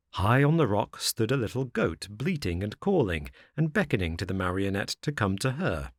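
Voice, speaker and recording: A man narrating a children's classic as an audiobook in an expressive, measured storytelling manner. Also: on the low side, dry recording, studio quality.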